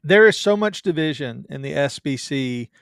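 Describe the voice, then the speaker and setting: A man who is a guest on a podcast, chatting casually with a joking, animated manner. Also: a little high, gravelly, smooth, dry recording, studio quality. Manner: joking, animated, quick asides. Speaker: pastor and guest. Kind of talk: casual chat.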